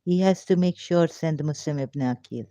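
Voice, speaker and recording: Reading from a religious text, a woman pauses to pose emotional, pleading rhetorical questions. She's an ex-Muslim commentator with a low-pitched, warm voice at normal speed, captured in a dull, lo-fi, dry recording.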